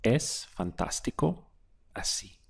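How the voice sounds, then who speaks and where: A man teaching a language lesson, prompting a phrase and then answering it slowly, word by word. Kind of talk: slow drill-style language lesson.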